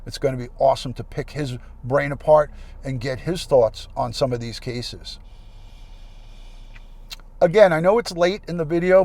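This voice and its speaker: A man's voice: mid-range voice, darkish tone. A man hosting a casual livestream, chatting and thanking viewers by name into a plug-in mic. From United States. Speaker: livestream host.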